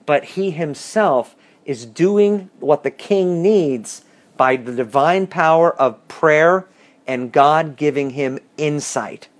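A man leading a bible study, reading verses and explaining them with lively questions to the class. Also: a little high. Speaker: bible teacher.

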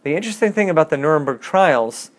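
Man, slightly high voice, casual bible teacher with wry humor. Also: lively intonation, fast. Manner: chatty, wry asides, reads scripture aloud. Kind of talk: casual bible class lecture.

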